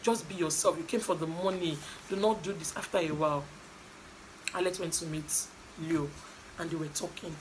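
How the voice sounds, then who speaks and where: A woman's voice: low voice, moderate pace, slight background noise, rough recording. A young adult woman with a Nigerian accent, animatedly recapping a reality show in casual gossip style. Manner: animated, chatty storytelling with asides.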